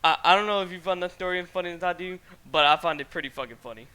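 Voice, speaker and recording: A man's voice: high-pitched, fast talker, sharp tone, clear, resonant tone. A man hosting a casual streamed podcast, telling a rambling story with frequent laughter. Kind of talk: casual chat.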